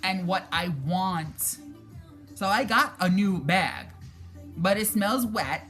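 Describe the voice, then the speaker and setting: Low-voiced woman chatting spiritually, joking and cursing. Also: lively intonation, takes it slowly, fairly bright tone, soft background music. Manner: chatty, joking, swears freely, acts out her own reactions. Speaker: spiritual motivation vlogger. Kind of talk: casual spiritual talk to camera.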